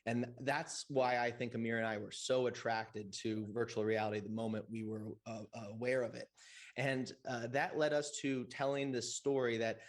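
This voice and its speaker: A man speaking as a VR game developer on a convention panel, eager but halting, with many "uh"s. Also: medium pitch, level tone. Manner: enthusiastic, halting, heavy with fillers.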